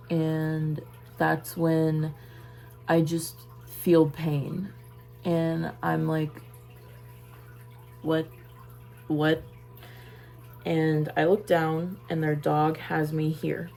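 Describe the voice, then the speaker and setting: A young woman telling a personal story in a casual vlog, halting and trailing off into soft asides while busy with a task. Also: deep voice, little pitch movement, vocal fry, poor audio. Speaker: vlogger.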